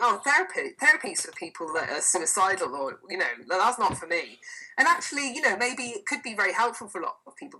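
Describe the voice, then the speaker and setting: A woman's voice: medium pitch, bright, forceful tone, husky, rough recording. A woman, a therapist, speaking as a guest in a podcast interview, enthusiastic and emphatic as she retells sessions with clients. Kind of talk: conversational interview.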